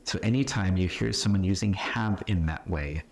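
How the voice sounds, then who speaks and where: A man teaching an English class in a relaxed, conversational way, patiently explaining with example questions and checking in often. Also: sits low, normal speed. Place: classroom or retreat room.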